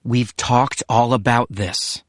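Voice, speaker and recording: A man's voice: medium pitch, steady tone, slow pace, no echo, clean studio sound, lightly acted. A man voicing a curt, irritable father. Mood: irritated. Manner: curt and impatient.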